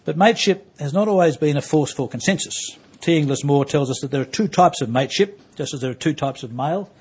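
Husky older Australian man lecturing wryly. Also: a little high, quick pace, darkish tone. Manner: wry, digressive storytelling with read-out quotations. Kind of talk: public lecture.

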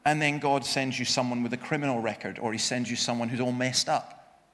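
A man's voice: medium pitch, level tone, brisk, fairly bright tone, in a large hall. A man preaching a sermon with personal stories, emphatic and self-deprecating, often restarting his sentences.

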